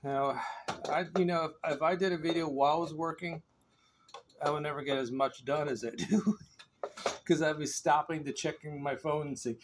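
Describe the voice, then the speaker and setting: Vlogging on his phone camera while doing yard work in a windy neighborhood yard, a man chats and rambles to his viewers, laughing often. His voice sits on the high side with fairly even intonation and a normal pace, and there's a little hiss or hum.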